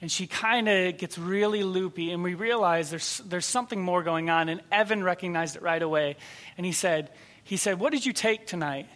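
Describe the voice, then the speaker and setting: A man preaching a sermon, telling a story and acting out the people in it, dropping to a soft, quiet voice for tender moments. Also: high-pitched, moderate pace. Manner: storytelling, acts out quoted voices. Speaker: pastor.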